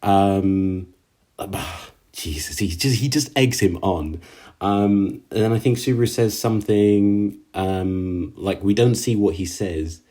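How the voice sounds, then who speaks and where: A man casually recapping an anime episode, halting with lots of fillers and slangy asides. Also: fairly low pitch, dark tone. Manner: halting, filler-heavy, slangy, laughs at own jokes.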